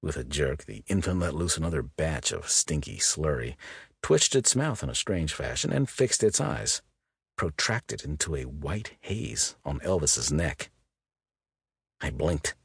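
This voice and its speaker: A man narrating a gritty audiobook in a husky voice. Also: very deep voice, big pitch swings, a little slow, no echo, studio quality. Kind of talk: scripted narration.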